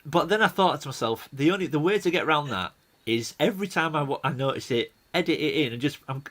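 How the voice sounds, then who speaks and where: A man's voice: on the high side, expressive, fast, a bit bright. Chatty Yorkshire man on a call. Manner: self-deprecating, chatty. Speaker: toy collecting YouTuber. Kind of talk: casual video call chat.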